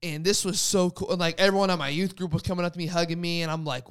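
A man's voice: high voice, steady tone, fast talker, clear, resonant tone, no room sound, studio quality. A young man casually telling a personal faith story, rambling with lots of "like" fillers. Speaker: guest sharing a faith story. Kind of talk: casual testimony chat.

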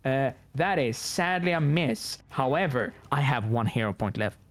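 Man player, halting and full of fillers. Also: medium pitch, lively intonation. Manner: halting, many fillers and restarts. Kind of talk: playing a tabletop game.

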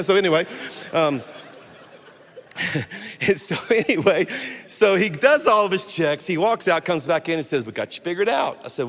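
Sermon casting: man, 60s, fairly high voice, funny animated preacher, long church reverb. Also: moderate pace, pauses often. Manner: animated storytelling with humor. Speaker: guest pastor. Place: church sanctuary.

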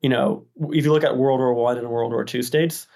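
A man with a strongly gravelly, fry-laden voice pushes back with skepticism. He often restarts his sentences as he works through his points in a casual podcast discussion. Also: medium pitch, fairly even intonation, fairly quick, darkish tone. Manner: hesitant restarts, skeptical pushback. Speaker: podcast host. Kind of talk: casual policy debate.

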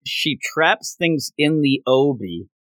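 A man co-hosting a podcast in a casual talk about a manga chapter, retelling scenes with lively jumps in his voice. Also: takes it slowly, no room sound. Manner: animated retelling with big pitch jumps. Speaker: podcast co-host.

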